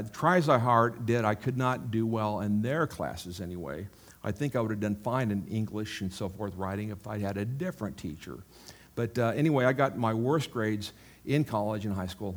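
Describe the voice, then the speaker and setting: Male pastor, lowish voice, preaching casually with jokes and asides to the room. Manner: chatty and self-mocking, with asides to the congregation. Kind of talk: sermon. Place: church.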